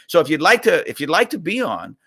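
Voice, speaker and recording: Bright-voiced chatty middle-aged man. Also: on the high side, sing-song, brisk, gravelly, breathy edge. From Boston, USA. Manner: chatty, reads out viewer questions and rambles into stories. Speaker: host of a live Q&A stream. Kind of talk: casual live-stream chat.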